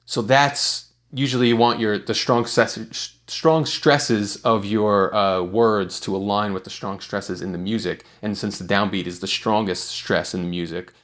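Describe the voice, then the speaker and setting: A man with a somewhat low voice teaches songwriting in a casual video tutorial. He explains at an easy, relaxed pace. He often pauses on fillers and restarts his sentences as he goes.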